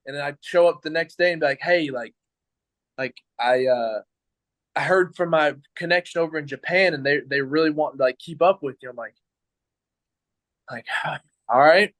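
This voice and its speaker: A young adult man, a pro baseball pitcher, tells his story in a casual interview, rambling and quoting his own thoughts with lots of "like". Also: fairly quick, a bit bright, no room sound, low-quality recording. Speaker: professional baseball pitcher, guest.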